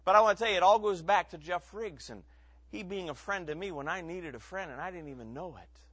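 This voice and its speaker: Male preacher, sermon testimony, earnest, emotional swells, bright ringing tone, dry close sound. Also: high voice, a little fast, husky, no echo. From Ohio.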